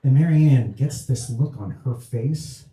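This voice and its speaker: A man playing a deadpan horror-writer comic. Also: mid-range voice, slight background noise, lightly acted. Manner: halting, deadpan joke-telling with fillers. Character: awkward male horror-writer doing stand-up. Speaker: stand-up comedian. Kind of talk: stage play, stand-up routine. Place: small theatre stage, live audience. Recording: echoey theatre room.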